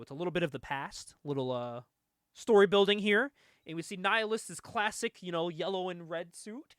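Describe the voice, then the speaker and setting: A man with a fairly high voice talks through a comic book story in a casual, rambling way. He laughs and swears freely as he goes. The sound is dry and close, with no room around it. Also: a bit bright, no room sound. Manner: loose, chatty retelling with frequent laughs and swearing. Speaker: podcast host.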